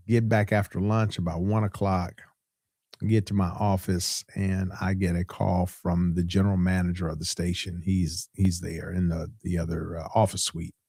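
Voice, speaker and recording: A middle-aged pastor hosts a podcast in a low-pitched, warm voice, recorded dry and at studio quality. He tells a story in casual preaching style, repeating points for emphasis.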